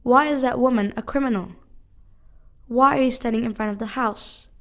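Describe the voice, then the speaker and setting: Higher-voiced woman reading drill questions. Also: fairly bright tone. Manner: measured, careful reading of one question at a time. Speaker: English teacher. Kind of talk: reading drill sentences aloud.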